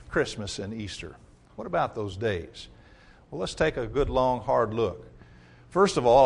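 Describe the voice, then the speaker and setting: Man, preacher, sermon, emphatic delivery, scripture reading, medium pitch. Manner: emphatic, reads scripture aloud with rising force, addresses listeners as folks.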